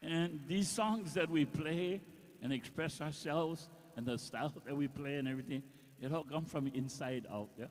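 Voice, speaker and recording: A man's voice: a little high, moderate pace. A man with a Hawaiian accent, a singer talking from the stage before a song, heartfelt and a bit rambling. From Oahu, Hawaii. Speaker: performing singer-songwriter. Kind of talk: on-stage talk between songs. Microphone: stage microphone through PA. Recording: reverberant hall over PA.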